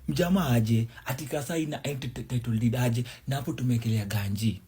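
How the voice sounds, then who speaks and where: A Kenyan man ranting in street slang, fast and emphatic with stammers. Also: medium pitch, dark tone, husky. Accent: Kenyan, Sheng slang. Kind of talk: street-slang social media rant.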